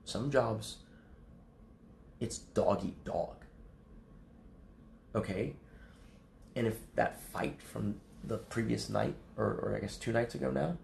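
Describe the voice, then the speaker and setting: A man's voice: medium pitch, creaky, roomy sound, slight background noise. A man livestreaming casual chat to his viewers, rambling and swearing, often laughing. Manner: rambling, profane, laughs a lot.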